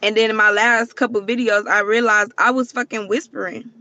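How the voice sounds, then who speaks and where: A woman's voice: a little high, steady tone, brisk, pushed and bright, lo-fi sound. A woman hosting a casual livestream, chatty and profane, who keeps talking straight to her viewers. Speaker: livestream host.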